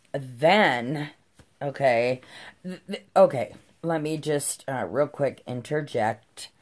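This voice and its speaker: Very low-voiced woman telling a story. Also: a little mellow. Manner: blunt, swears freely, laughs while telling. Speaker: vlogger. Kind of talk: casual storytelling.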